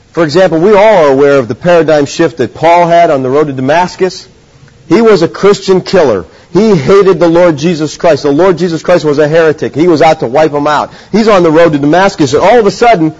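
A man's voice: on the high side, a little mellow. A middle-aged man preaching a sermon in an earnest, teacherly way, often putting questions to his listeners. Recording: dull lo-fi sound.

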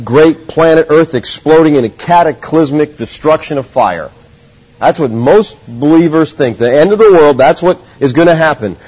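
A man's voice: on the high side, darkish tone, breathy edge. Earnest preacher man, lo-fi recording. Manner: earnest, teacherly, asks the audience questions. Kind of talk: sermon. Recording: dull lo-fi sound.

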